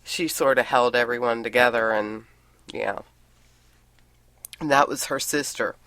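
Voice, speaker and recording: A woman co-hosts a relaxed podcast chat with a bright, forward voice. She tells stories in a loose, talkative way and laughs often. The sound is dry and close, with no room echo. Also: very deep voice, measured pace. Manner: chatty, laughs often while telling stories. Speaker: podcast co-host.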